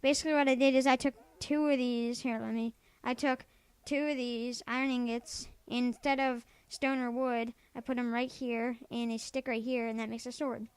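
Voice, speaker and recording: Woman player, high smooth voice, relaxed step-by-step walkthrough, dry mic. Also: moderate pace, hardly any pauses, dry recording. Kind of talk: casual gameplay walkthrough.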